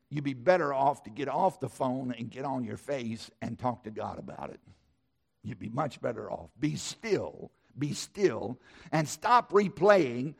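A man's voice: mid-range voice, vocal fry. A middle-aged man preaching a sermon, emphatic and repetitive, with a preacher's cadence. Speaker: pastor.

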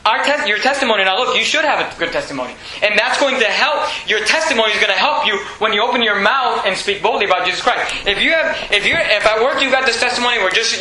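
A man preaches from the pulpit with a high, bright, forceful voice. He talks with emphasis and swells into loud bursts. The room echoes around him, with a faint hum behind. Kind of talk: sermon.

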